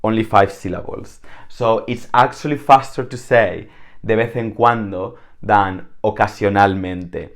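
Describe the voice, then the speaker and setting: A man from Spain with a Spanish accent, teaching a casual online language lesson, chatting and repeating words slowly to explain. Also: fairly low pitch.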